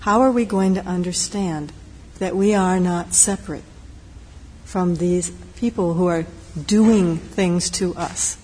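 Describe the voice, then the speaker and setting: A woman meditation teacher giving a dharma talk in a gentle, reflective, unhurried way, with pauses. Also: lowish voice, breathy edge. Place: meditation hall. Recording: long hall reverb, faint noise.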